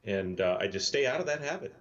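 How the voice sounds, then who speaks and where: A man co-hosting a casual live talk, speaking haltingly and agreeing with his co-host. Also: lowish voice, animated. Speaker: podcast co-host. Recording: distant dull lo-fi mic.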